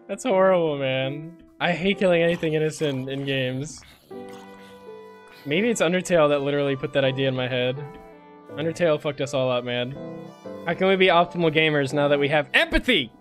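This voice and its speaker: A young adult woman streamer giving casual gameplay commentary, excitable, swearing and breaking into shrieks. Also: deep voice, fairly quick, soft background music. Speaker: game streamer.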